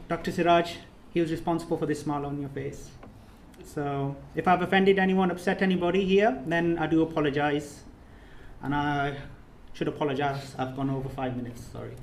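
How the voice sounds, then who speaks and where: Man, fairly high voice, heartfelt speech of thanks, echoey room. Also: steady tone, normal speed, a little hiss or hum. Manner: earnest, repetitive, emphatic. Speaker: course trainer giving a speech. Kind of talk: emotional closing speech. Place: reception room in a residence. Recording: echoey room, faint ambience.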